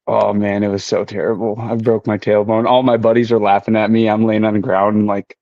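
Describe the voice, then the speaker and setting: A man's voice: on the low side, brisk, no echo, highs cut off. A man who races motorcycles, a guest talking casually and easily with many fillers. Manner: relaxed, many fillers like "you know". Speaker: podcast guest, motorcycle racer. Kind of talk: casual conversation.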